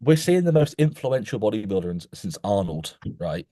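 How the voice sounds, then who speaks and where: Speaking at a moderate pace in a lowish voice, a young man spins a long, animated anecdote while co-hosting a podcast. He keeps restarting and saying "mate," and the studio-quality sound has no echo.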